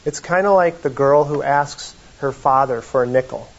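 A man's voice: medium pitch, moderate pace, dull audio. Man preaching in a folksy, conversational tone. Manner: conversational, folksy, reads quotations aloud. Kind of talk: sermon.

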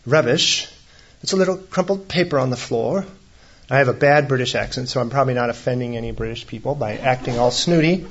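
A man's voice: medium pitch, highs cut off. A man preaching a sermon as a pastor, in a conversational way with humorous asides.

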